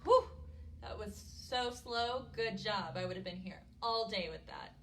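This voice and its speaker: A woman's voice: medium pitch, unhurried, slight background noise. A young woman hosting a children's story time, talking to little kids in an exaggerated, playful way with a singalong. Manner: bright, animated, exaggerated for children. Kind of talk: preschool lesson with singalong.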